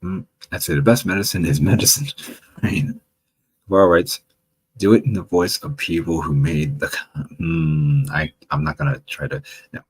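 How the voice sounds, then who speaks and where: A man hosting a livestream, reading viewer comments aloud with a chatty, wry manner and a gravelly voice. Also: sits low, moderate pace, rough recording. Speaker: livestream host reading chat. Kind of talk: casual livestream chat.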